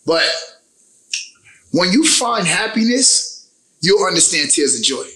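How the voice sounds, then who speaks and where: Young guy guesting on a podcast, high bright voice, keeps repeating himself, kinda echoey room. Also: big pitch swings, slow pace. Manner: emotional, emphatic, repeats phrases. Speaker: guest recording artist. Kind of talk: casual interview talk.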